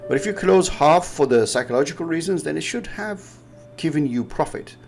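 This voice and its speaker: Gravelly man with a Pakistani accent. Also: on the high side, lively intonation, a little fast, a little mellow, faint music behind. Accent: Pakistani English. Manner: rambling, explanatory, laughs often. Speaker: trading educator. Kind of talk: casual chart-analysis chat.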